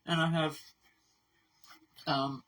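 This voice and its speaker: A woman's voice: low-pitched, little pitch movement, very slow, fairly bright tone, far from the mic, poor audio. A middle-aged woman who runs an animal rescue, talking in a casual video update, emotional and rambling, poking fun at herself. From Kentucky. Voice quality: gravelly, husky. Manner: emotional, tearful, rambling and self-deprecating.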